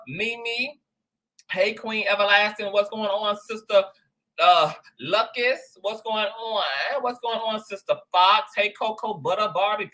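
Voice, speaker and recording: A man hosting a casual livestream, greeting viewers one by one with lively slang. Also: sits high, poor audio. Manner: animated, shouting out viewers, slang-heavy. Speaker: livestream host.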